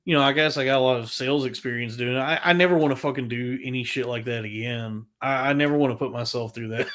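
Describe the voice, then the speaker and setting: Crude, fast-swearing man telling stories. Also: mid-range voice. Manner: crude, profanity-heavy storytelling; animated, frequent restarts. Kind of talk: casual podcast chat.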